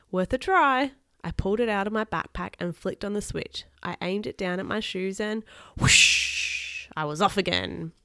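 Give me a woman reading a children's book aloud, expressive, recorded dry and close. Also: medium pitch, dry recording. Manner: expressive, chatty asides to viewers. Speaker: storybook reader.

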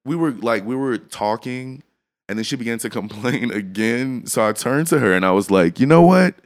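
A slightly tipsy man hosting a podcast, telling a story in a loose, animated way with lots of laughter and filler words. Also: medium pitch, normal speed. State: a bit tipsy from drinking. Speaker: podcast host. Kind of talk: casual storytelling chat.

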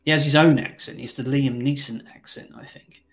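A man's voice: medium pitch, steady tone, a little fast. A man hosting a film review podcast, chatting casually with blunt, sweary remarks. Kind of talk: casual chat.

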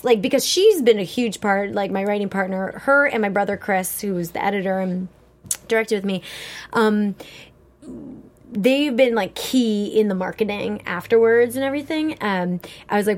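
A woman's voice: mid-range voice, moderate pace. A woman guest filmmaker in a casual interview, talking enthusiastically and rambling with lots of "like". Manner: enthusiastic, rambling, heavy use of "like". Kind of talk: casual chat.

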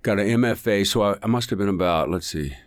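An older man, a voice actor guest, telling stories in a loud, exaggerated, animated way. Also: fast, dry recording, clean studio sound. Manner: animated, exaggerated storyteller with big pitch swings. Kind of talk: storytelling conversation.

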